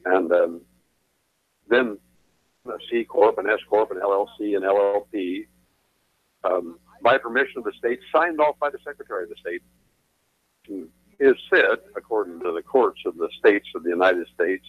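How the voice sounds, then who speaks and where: Husky-voiced man lecturing over a phone line. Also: on the low side, normal speed, pauses often, no echo. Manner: emphatic, lecturing, repeats phrases for stress. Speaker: attorney guest. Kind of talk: radio talk show interview. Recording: tinny phone line, dry.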